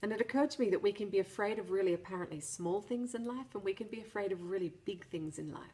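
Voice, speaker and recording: A woman's voice: medium pitch, fast talker, a little mellow. A middle-aged woman chatting casually to camera, telling a personal story with a self-deprecating, laughing manner and frequent restarts. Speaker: vlogger.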